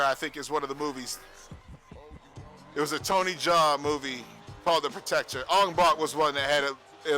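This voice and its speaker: A man talks casually to his stream audience, his voice bright and forceful and a touch higher than most men's. He tells a profane, animated story and laughs often. Faint music plays behind him. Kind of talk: casual livestream chat. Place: home streaming setup.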